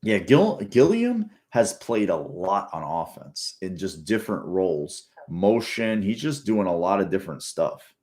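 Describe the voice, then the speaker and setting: Very deep-voiced man breaking down a game. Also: sing-song, measured pace, hardly any pauses, darkish tone. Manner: rambling, profane, restarts often. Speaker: sports fan commentator. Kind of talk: casual game breakdown commentary.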